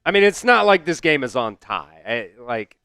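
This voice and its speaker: A man's voice: medium pitch, sing-song, moderate pace, bright, forceful tone, clear, resonant tone, no echo, studio quality, soft background music. A man hosting a live-stream football watch-along, calling plays and venting at his team while answering the chat. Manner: frustrated, talks back to chat, swears. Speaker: host doing live play-by-play. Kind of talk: casual live-stream commentary.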